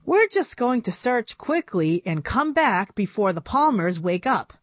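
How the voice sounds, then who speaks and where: A woman's voice: medium pitch, sing-song, unhurried, dry recording, voice pushed up. A woman reading a storybook aloud, voicing a sensible, determined young girl doll who takes charge.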